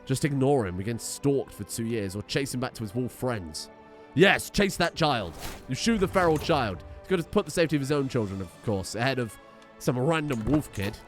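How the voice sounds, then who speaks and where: Male gaming host, animated chatty commentary, faint game music behind. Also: mid-range voice, a little fast. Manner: chatty, thinking aloud, reads game text.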